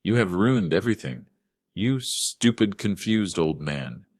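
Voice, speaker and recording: A man's voice: low-pitched, very animated, measured pace, pitched above the performer's own voice, heavily acted. Man voicing a snarling, manipulative son-in-law. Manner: snarling, contemptuous.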